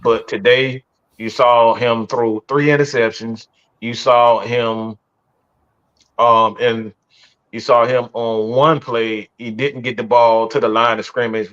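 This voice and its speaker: A man's voice: fairly low pitch, a bit bright. A man hosting a live post-game reaction show, ranting with heavy swearing and stammered restarts. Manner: profane and exasperated, stammering restarts. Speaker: sports podcast host. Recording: dull lo-fi stream audio.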